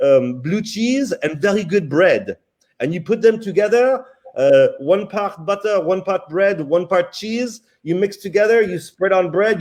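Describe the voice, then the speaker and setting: A man's voice: sits high, darkish tone, pitched above the performer's own voice. A man voicing a cheerful French village chef who speaks broken, clipped English with a put-on French accent.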